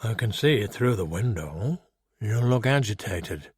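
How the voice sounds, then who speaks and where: A man voicing a calm, dry-witted skeleton detective who speaks in a measured, deadpan way. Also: on the low side, slightly rough, no room sound, full character voice.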